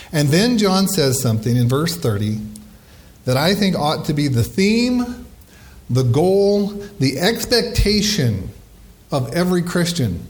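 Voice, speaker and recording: A middle-aged man, a pastor, preaching a sermon and slowing down to stress key phrases. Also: on the high side, darkish tone.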